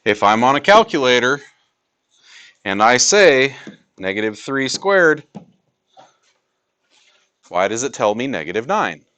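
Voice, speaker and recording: A man lecturing a high school math class, stressing key rules and repeating them. His pitch swings widely as he talks. He keeps a slow, deliberate pace. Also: very animated, sharp tone. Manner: emphatic, repeats key points to students.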